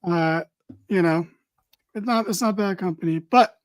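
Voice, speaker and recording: A man's voice: high voice, measured pace, no echo. A tired man co-hosting a casual wrestling podcast, rambling with dry, mock-serious humor. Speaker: podcast co-host.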